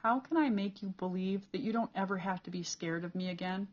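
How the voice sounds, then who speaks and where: A woman's voice: mid-range voice, a little fast, dull audio, close to an everyday voice. A woman reading the lines of a troubled, remorseful teenage boy in an audiobook, pleading and earnest.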